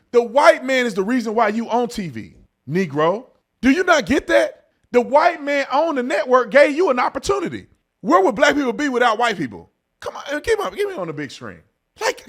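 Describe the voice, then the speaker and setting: A man hosting an online commentary video, ranting heatedly and swinging between shouting and low muttering.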